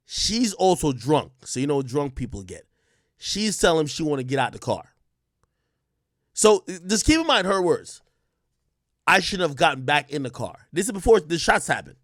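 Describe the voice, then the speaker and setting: Animated man ranting to viewers. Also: fairly high pitch, moderate pace, no echo, studio quality. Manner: animated, blunt, profane, talks straight to viewers. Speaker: commentator reacting to an interview clip. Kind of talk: casual reaction commentary.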